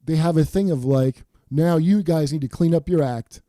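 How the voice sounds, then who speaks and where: A man's voice: a little high, normal speed, dark tone, no room sound, studio quality. A man hosting a comedy podcast, ranting in a profane, emphatic way. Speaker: podcast host. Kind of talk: casual comedy podcast banter.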